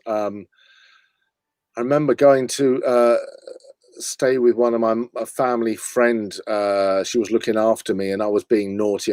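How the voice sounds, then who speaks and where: A man's voice: on the low side, dark tone, no echo. A man from London, an impressionist chatting casually on a video call, laughing often and sliding into voices. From London, England. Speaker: impressionist and comedian guest. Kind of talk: casual interview chat.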